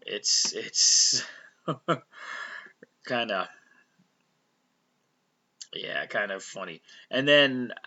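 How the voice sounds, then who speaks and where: A man's voice: medium pitch, sharp tone, dull audio. Rambling man recapping a TV episode. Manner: rambling, many fillers and restarts; loosely acts out characters' lines. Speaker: recap vlogger.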